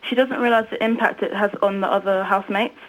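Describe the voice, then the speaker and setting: Quick eager woman caller on phone line. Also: mid-range voice, fairly even intonation. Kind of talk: phone-in call.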